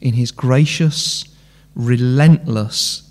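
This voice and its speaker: A man's voice: on the high side, animated, moderate pace. A man preaching an impassioned sermon in a church, full of rhetorical questions. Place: church hall. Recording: long church hall reverb.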